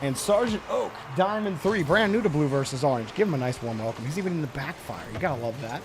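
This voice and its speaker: A man's voice: on the high side, lively intonation, quick pace, background noise. A man casting a live video game match, chatting and giving play-by-play. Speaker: esports caster. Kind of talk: live game commentary and chat.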